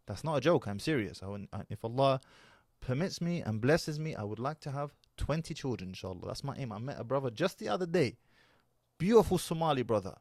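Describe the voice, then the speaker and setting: A man's voice: mid-range voice, a little mellow, no echo, studio quality. A man, giving casual, emphatic commentary as a reaction video host. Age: 30s. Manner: emphatic, preachy.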